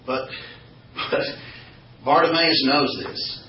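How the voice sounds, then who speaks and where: Slowly and in a somewhat high voice, a man teaches an informal Bible study to a small group, putting questions to them and cracking jokes with animated energy. A slight hiss or hum runs under a roomy, distant, dull recording.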